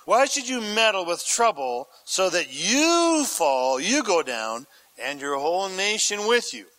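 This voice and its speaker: A man's voice: high voice, sing-song, measured pace, pushed and bright, poor audio. A male pastor preaching an expository sermon, reading scripture aloud and then asking the listeners questions in a conversational way.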